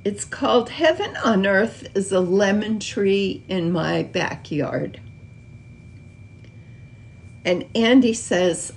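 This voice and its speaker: Slow, soothing woman leading a meditation. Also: medium pitch, animated, gravelly. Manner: slow, soft, soothing delivery. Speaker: spiritual talk leader. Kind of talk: guided meditation and spiritual talk.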